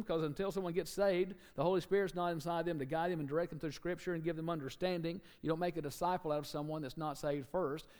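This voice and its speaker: A man from Alabama with a Southern accent, preaching a sermon emphatically, swinging between loud and soft and repeating key words. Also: fairly high pitch.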